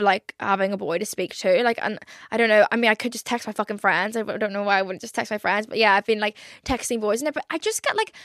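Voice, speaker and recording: A woman's voice: mid-range voice, fairly bright tone, dry recording, clean studio sound. A young woman hosting her podcast in a casual confessional monologue, rambling with lots of fillers and swearing. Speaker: podcast host.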